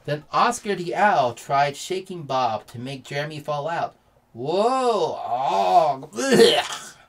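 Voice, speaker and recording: Slow, deliberate man reading a picture book. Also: on the high side, animated, a bit bright. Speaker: channel host and children's book reader.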